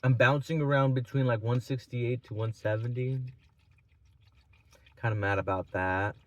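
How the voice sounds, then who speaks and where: A man's voice: mid-range voice, fairly even intonation, moderate pace, dry recording, muffled recording. Profane rambling young man vlogging. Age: 20s. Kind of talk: casual storytelling vlog.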